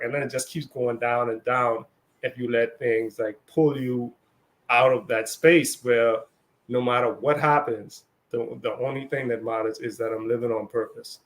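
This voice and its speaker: A man's voice: medium pitch, steady tone, a little slow. Male co-host, mid-range voice, easygoing chat that slips into quoted bits. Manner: conversational, lots of fillers and acted-out quotes. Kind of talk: casual spiritual discussion.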